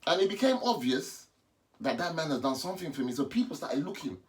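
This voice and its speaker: A man, a pastor, giving an animated personal testimony in a vlog and repeating himself as he talks. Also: on the high side, brisk. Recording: distant mic with faint background noise.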